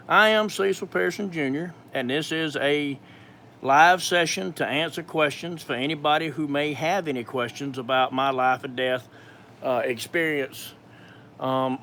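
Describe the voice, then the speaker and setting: Man, 50s, thick Georgia accent, folksy, rambling, halting restarts, faint noise behind. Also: on the high side, a bit bright. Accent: thick Georgia Southern. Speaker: ministry speaker. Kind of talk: live question-and-answer session.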